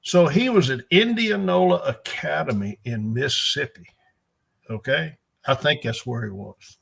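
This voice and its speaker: A man's voice: a little high, lively intonation, measured pace, creaky, a bit bright, breathy edge. An older man, a veteran strength coach, telling rambling folksy anecdotes with chuckles in an interview. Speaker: guest, NFL strength and conditioning coach. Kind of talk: storytelling interview.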